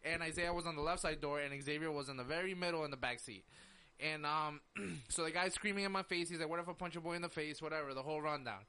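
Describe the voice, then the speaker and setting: This young podcast host, a fast talker with a slightly high, clean-toned voice, chats casually while telling a story. He brings it to life by performing quotes, sprinkling in lots of "like."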